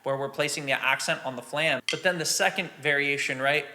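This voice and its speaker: A man teaching drum rudiments in a relaxed, practical way, sometimes scatting the rhythms aloud. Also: a little high, fairly quick, music in the background. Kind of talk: instructional explanation.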